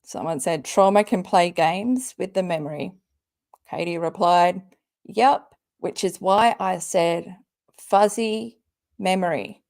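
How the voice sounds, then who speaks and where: A woman's voice: fairly low pitch, slow, gravelly, darkish tone. A woman hosting a live commentary stream, reading out tweets and ranting back at them with angry, sweary sarcasm. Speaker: commentary channel host.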